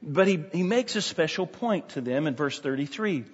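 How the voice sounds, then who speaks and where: Husky-voiced preacher in a reverberant hall. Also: male voice, on the high side, animated, normal speed. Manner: emphatic, repeats key phrases, frequent restarts. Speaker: pastor. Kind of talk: expository sermon. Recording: dull sound with long hall reverb.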